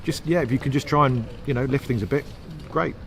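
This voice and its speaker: A man's voice: mid-range voice, fairly quick, a bit bright, a little hiss or hum. A man from England, a comedy writer and stand-up, chatting in an interview in long rambling runs, with self-mocking asides and frequent restarts. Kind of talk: casual interview chat.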